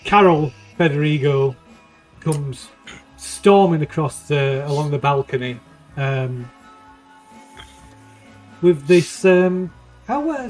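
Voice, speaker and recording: Halting man narrating as game master. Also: on the high side, darkish tone. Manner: halting, full of ums and restarts.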